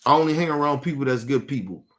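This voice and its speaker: A man's voice: mid-range voice, expressive, fast talker, a bit bright, slight background noise. A man hosting a livestream, talking bluntly and profanely to his chat in a casual rant, repeating and restarting words as he gets heated. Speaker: livestream host.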